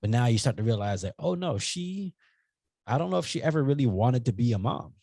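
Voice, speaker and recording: A young man co-hosting a podcast in casual chat, telling rambling, animated stories and swearing freely. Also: medium pitch, brisk, gravelly, no echo. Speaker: podcast co-host.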